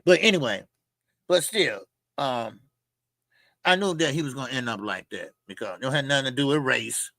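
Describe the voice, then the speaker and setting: A man's voice: mid-range voice, expressive, moderate pace, pauses often, sharp tone, dry recording. A man hosting a boxing channel, ranting his opinions in a blunt, profane, mocking way, often repeating himself and using fillers. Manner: repeats phrases, with frequent fillers. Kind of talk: opinionated boxing commentary rant.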